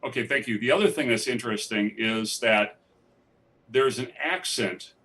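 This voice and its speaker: A man's voice: medium pitch, moderate pace, bright, forceful tone. A man, a documentary filmmaker, telling stories in a live festival interview with eager, rambling enthusiasm and frequent restarts. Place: theatre stage. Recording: distant mic in a theatre.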